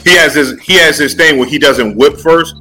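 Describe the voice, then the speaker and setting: Bright-voiced man in laid-back chat. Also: fairly high pitch, moderate pace, soft background music, low-quality recording. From Philadelphia. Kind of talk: casual storytelling chat.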